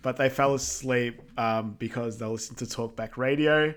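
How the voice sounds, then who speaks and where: A man in casual conversation, walking through a film scene by scene for a podcast. He keeps it loose and chatty and drops into quick quoted voices for the characters' lines. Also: mid-range voice, steady tone, a bit bright, a little hiss or hum. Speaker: podcast co-host. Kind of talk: casual film recap chat.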